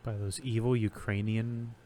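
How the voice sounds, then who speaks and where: A man with a fairly low voice, co-hosting a podcast. He talks casually, rambling as he guesses and dropping dry jokes along the way. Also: flat delivery, a little slow, mellow, a little hiss or hum. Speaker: podcast co-host. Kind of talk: casual chat.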